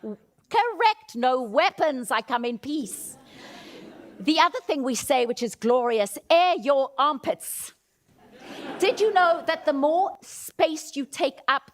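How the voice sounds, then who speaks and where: A woman giving a motivational keynote talk in an auditorium, leading the audience through vocal exercises. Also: fairly high pitch. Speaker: keynote speaker. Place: auditorium stage.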